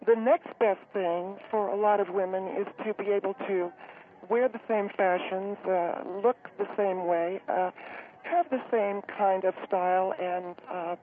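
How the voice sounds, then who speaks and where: A man's voice: high voice, fairly even intonation, slight background noise. A man playing a fussy upscale woman on the phone. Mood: hesitant. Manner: halting, hesitant, many fillers, later panicky and breathless. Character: fussy upscale woman, community spokeswoman, high-strung. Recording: tinny phone-line radio sound.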